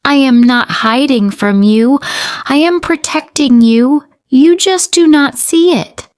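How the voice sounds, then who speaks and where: A woman's voice: medium pitch, takes it slowly, no echo, clean studio sound, lightly acted. A woman voicing a worried, secretive mother who speaks in protective, pleading tones. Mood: urgent pleading.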